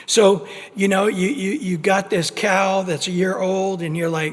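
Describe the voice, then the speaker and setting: A male pastor with a high voice teaches in a lively, conversational way, often restarting and repeating words as he acts out little everyday scenes. His voice carries a long reverb from the church hall. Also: measured pace, few pauses. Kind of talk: expository sermon. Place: church sanctuary.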